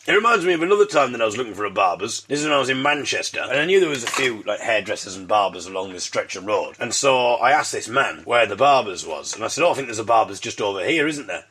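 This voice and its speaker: A man's voice: medium pitch, sharp tone, a little hiss or hum. A man hosting his own podcast, telling comic stories in a wry, self-mocking way and slipping in puns. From Britain. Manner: fond of puns. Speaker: podcast host. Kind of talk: comic monologue.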